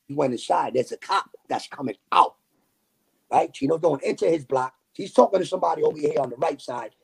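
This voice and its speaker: A man with a New York accent telling a story in a casual, animated way, full of slang and fillers. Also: medium pitch, creaky, slightly rough. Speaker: podcast guest.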